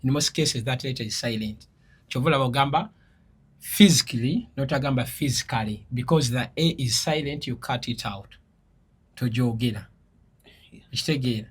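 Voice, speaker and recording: Speaking briskly with a medium pitch and a breathy edge, a Ugandan man chats casually as an interview guest. He tells lively stories, explains words teacher-style, and laughs occasionally.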